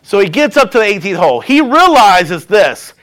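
High-voiced man preaching a sermon. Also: very animated, normal speed, fairly bright tone. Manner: storytelling, call-and-response asides. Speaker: pastor.

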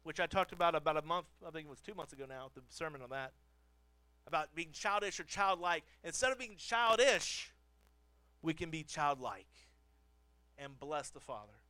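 Animated, bright-voiced male pastor preaching. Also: a little high, normal speed, no echo. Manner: animated, storytelling with self-deprecating humor; repeats phrases for emphasis. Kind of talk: sermon. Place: church pulpit.

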